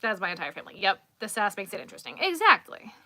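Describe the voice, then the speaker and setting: A young woman from New York, chatting casually with her live viewers, sassy and quick to laugh, talking to her dog in between. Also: mid-range voice, very animated, pushed and bright, no room sound. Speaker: livestream host.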